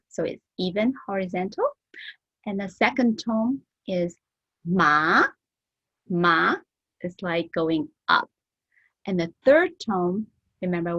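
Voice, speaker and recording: Woman teaching a slow patient lesson, mid pitch, dry dull lo-fi recording. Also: no room sound. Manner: slow, patient and encouraging, demonstrating tones. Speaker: Chinese teacher. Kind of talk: recorded review lesson for a church class.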